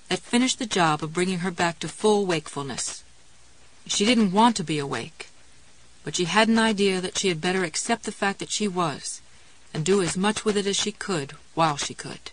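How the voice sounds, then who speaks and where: A woman narrating a novel aloud in a measured, calm storytelling manner. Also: fairly low pitch, low-quality recording. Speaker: audiobook narrator.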